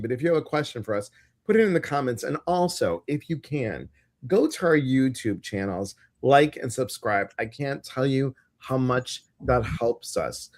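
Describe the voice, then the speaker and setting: Man, live-stream co-host, chatty and animated, mid-pitched voice. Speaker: co-host of a live intuitive show. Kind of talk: casual live-stream chat.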